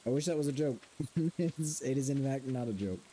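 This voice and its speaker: A man's voice: mid-range voice, animated, brisk, warm tone. A young man streaming a farming game, chatting casually with his chat and playfully repeating a grunting villager noise. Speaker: gaming streamer. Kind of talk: casual live-stream chat while gaming.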